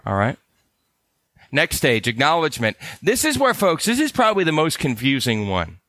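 A man's voice: a little high, huge pitch swings, normal speed, a bit bright, dry recording. A man teaching ministry helpers in an earnest, conversational way, often restarting and repeating phrases. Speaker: ministry care trainer. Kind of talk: teaching talk.

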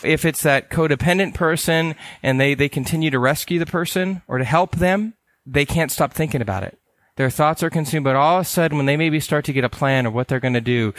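A man's voice: mid-range voice, a bit bright, no echo. Casual storytelling counselor man, dry sound. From California. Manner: casual, acts out quoted voices in stories. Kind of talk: teaching talk with personal stories.

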